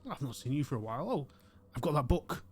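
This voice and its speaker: A man's voice: mid-range voice, expressive, quick pace, husky, pitched above the performer's own voice. A man voicing a small, frail old male librarian in his seventies who stammers and fusses. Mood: friendly. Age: 70s. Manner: flustered, stammering, doddering.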